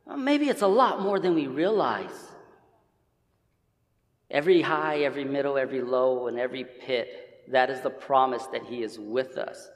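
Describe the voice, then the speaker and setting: A man's voice: mid-range voice, expressive, normal speed, long reverb tail. A man preaching a sermon in a church, casual and conversational, often restarting his sentences. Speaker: pastor. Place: church sanctuary.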